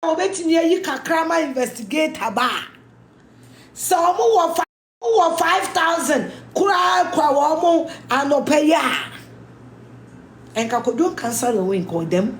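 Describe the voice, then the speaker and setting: A Ghanaian woman commentator delivers a scolding, emphatic social media rant in Ghanaian English mixed with Twi, repeating her points. Her voice is high and lively in intonation, her pace unhurried, and the room echoey.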